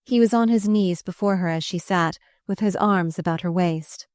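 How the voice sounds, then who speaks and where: A woman narrating a historical novel in a measured, steady reading on a close microphone. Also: fairly low pitch, no room sound. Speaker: audiobook narrator.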